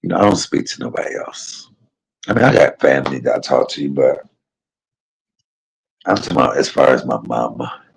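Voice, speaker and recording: A man's voice: very deep voice, expressive, moderate pace, gravelly, long pauses, slightly rough, low-quality recording. A man livestreaming from a private hospital room, talking in a rambling, heartfelt way and often turning to his viewers directly. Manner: rambling, heartfelt, keeps addressing viewers as y'all. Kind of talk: casual emotional livestream chat.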